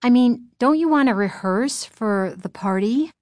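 A woman's voice: a little high, lively intonation, a little slow, darkish tone, no echo, pitched above the performer's own voice. Woman voicing a friendly young girl. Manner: friendly, suggesting.

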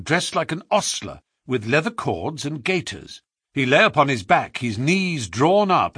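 Male audiobook narrator, measured and expressive, slightly husky, dry close recording. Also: no room sound. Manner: measured storytelling, lively pitch.

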